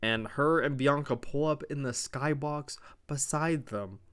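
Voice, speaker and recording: A man hosting a solo podcast, recapping a wrestling show in a loose, rambling way and swearing freely. His voice is smooth and clear at a middle pitch, though his mouth is dry. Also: measured pace, a bit bright. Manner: rambling, profane, offhand. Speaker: podcast host.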